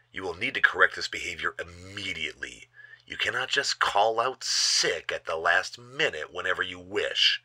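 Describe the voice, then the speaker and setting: A man's voice: sits low, bright, forceful tone, breathy edge, dry recording, full character voice. A man playing a cold, stern doctor. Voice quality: stern, clipped and formal. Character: stern demanding male doctor, cold boss. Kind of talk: audio drama acting.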